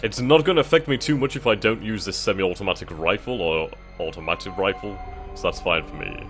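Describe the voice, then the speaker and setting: A gaming channel host with a very low voice works through a game's setup menus in casual let's-play style, reading the text aloud and thinking out loud. He speaks fairly quickly, pausing and musing offhandedly as he picks options, with faint music underneath.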